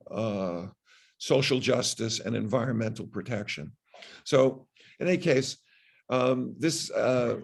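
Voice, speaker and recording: An older man with a gravelly, creaky edge to his mid-pitched voice. He speaks as a podcast guest, measured and deliberate, often restarting his sentences as he tells a long story. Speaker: guest, physician. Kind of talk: interview storytelling.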